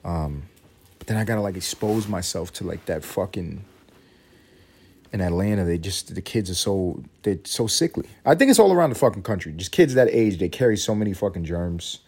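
Husky new guy on his podcast, low voice, cussing and ranting about his kid. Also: moderate pace. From New York. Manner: profane, animated, exasperated. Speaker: podcast host. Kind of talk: casual storytelling monologue.

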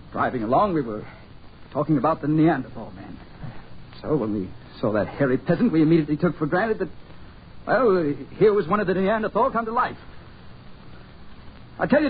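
An actor playing an agitated, emphatic, skeptical American man in a 1940s radio drama. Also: on the high side. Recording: dull old radio recording, faint hiss.

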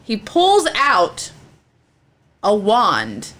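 A woman's voice: mid-range voice, huge pitch swings, extremely slow, a bit bright. Podcast co-host, woman, casual joking storyteller, swears freely. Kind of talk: casual chat, retelling a legend.

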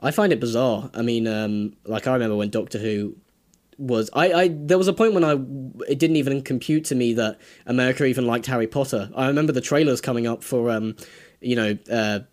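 A man's voice: medium pitch, brisk, darkish tone. A young adult man from England with an English accent, a podcast guest who talks hesitantly with many fillers and restarts and laughs often. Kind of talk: casual interview chat.

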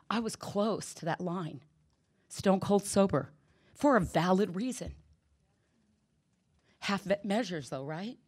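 A middle-aged woman giving a candid personal testimony at a recovery meeting, telling stories and acting out the quoted dialogue. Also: fairly low pitch.

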